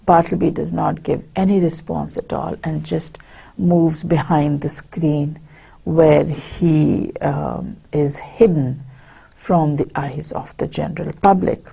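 A woman giving a university literature lecture, reading passages aloud and explaining them in a slow, hesitant way with many fillers. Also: low-pitched, vocal fry, mellow, husky.

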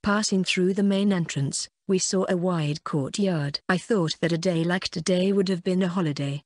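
A woman's voice: on the low side, a little mellow, dry recording. A woman reading a first-person light novel aloud as an audiobook narrator, with a dry, wry inner-monologue manner.

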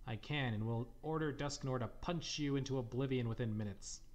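A man's voice: mid-range voice, a little fast, darkish tone, lo-fi sound, lightly acted. A man voicing an arrogant, condescending thug who threatens people, reading a fan game's dialogue aloud. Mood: contemptuous. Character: arrogant male thug with a Pokémon.

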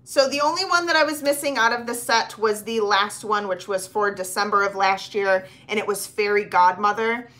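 A woman's voice: mid-range voice, normal speed, few pauses, a bit bright. A woman co-hosting a live online sale, talking casually and straight to viewers. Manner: friendly, talks straight to viewers. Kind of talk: casual live selling chat.

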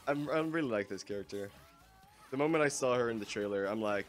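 A man giving excitable let's-play commentary, swearing and laughing often as he plays. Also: lowish voice, fast, soft background music. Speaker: gaming channel host.

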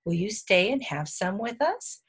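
A woman's voice: medium pitch, very animated, measured pace, slightly rough, full character voice. A woman voicing an eager young boy bear cub in a storybook reading. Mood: cheerful.

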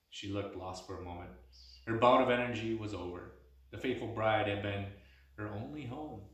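A man reads a story aloud in a plain, unhurried way, with a few stumbles and restarts. The recording rings in a very echoey room with the mic placed well back. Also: on the low side, far from the mic. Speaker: reader.

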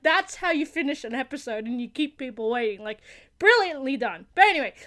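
A woman hosting her own channel, giving excited reaction commentary on a TV episode; she gasps and shouts often and keeps apologizing. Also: high voice.

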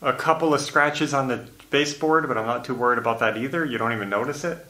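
A man with a bright, forward voice talks through a DIY job in a relaxed, matter-of-fact way. His voice still has a morning roughness to it. He is in a bare room that rings with echo. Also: mid-range voice, fast. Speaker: DIY vlogger installing carpet. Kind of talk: casual home-project vlog. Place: empty room in a house, indoors. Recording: echoey empty room.

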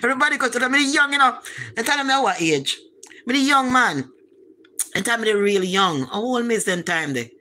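A woman's voice: fairly high pitch, animated, fairly quick, bright, forceful tone. A woman with a Jamaican accent telling a rambling personal story in patois, repeating words for emphasis. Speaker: vlogger.

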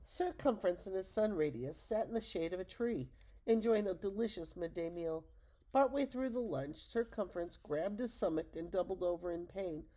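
An older woman, a grandmother, reading a children's storybook aloud in a gentle, measured way. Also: lowish voice, animated. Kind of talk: read-aloud storybook narration.

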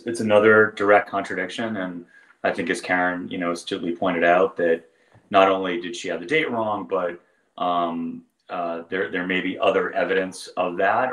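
Man, very low voice, roomy echoey sound, legal commentary, halting, repeats words. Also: fairly bright tone. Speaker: panel guest.

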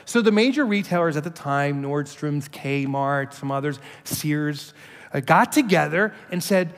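Animated, high-voiced keynote speaker. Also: male voice, measured pace. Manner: animated, joking storyteller. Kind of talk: keynote speech. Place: large conference hall. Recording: long hall reverb.

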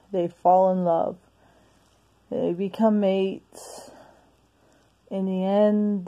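A woman recaps a movie in a casual home video, slow and halting as she restarts her sentences. Her voice sits low and mellow, a little out of breath. The recording sounds dull and lo-fi. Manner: hesitant, halting, with many restarts. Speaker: movie reviewer.

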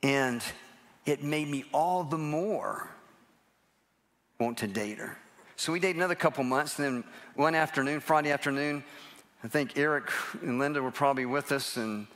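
A man's voice: fairly high pitch, moderate pace, a bit bright. Older man telling stories from the pulpit. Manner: self-deprecating, chatty storyteller. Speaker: guest preacher. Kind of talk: humorous sermon storytelling. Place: church sanctuary, live service.

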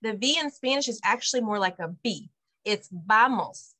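A woman leads an online Spanish lesson for parents, her voice bright and a little high. She explains things patiently and says each phrase slowly so listeners can copy it. It sounds like a video call. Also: lively intonation. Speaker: bilingual preschool director teaching parents.

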